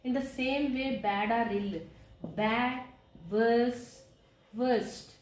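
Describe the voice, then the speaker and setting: A woman's voice: fairly high pitch, fairly even intonation, drawn-out words, darkish tone. A woman teacher giving a grammar lesson, repeating each word form and spelling letters aloud. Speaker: English teacher. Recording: echoey room.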